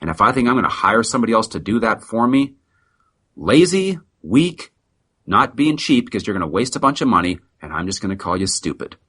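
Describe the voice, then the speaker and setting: Deep, forceful, husky middle-aged man. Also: animated, very fast, few pauses. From United States. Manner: emphatic, blunt and preachy. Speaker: practice consultant guest. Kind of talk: motivational sales talk.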